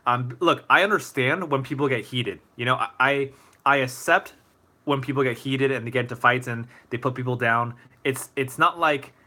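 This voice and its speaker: A young man hosting a casual live Q&A stream, answering viewer questions in a relaxed, thoughtful way with many fillers and restarts. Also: medium pitch, moderate pace.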